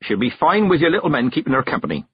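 A man voicing a stern, blunt old woman witch who talks in plain, rough country grammar, in a storybook reading. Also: mid-range voice, sing-song, fast, highs cut off, a little hiss or hum, voice pushed up, lightly acted. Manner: gruff, plain-spoken, dropped-g country grammar.

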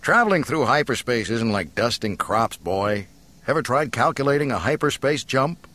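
A man's voice: mid-range voice, very animated, pushed and bright, voice pushed up. A man voicing brash cocky space pilot Solo. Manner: brash, quick-tongued. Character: cocky young male starship pilot. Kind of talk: audiobook character reading.

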